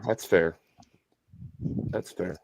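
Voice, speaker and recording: A man's voice: deep voice, extremely slow, creaky, a crowd in the background. A man making dry, wry remarks in a casual chat with friends.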